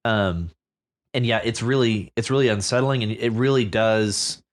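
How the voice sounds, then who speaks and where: A man's voice: on the low side, moderate pace. A man co-hosting a podcast, musing casually about a story with plenty of fillers and restarts. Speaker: podcast co-host discussing a story. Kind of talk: casual book-club chat.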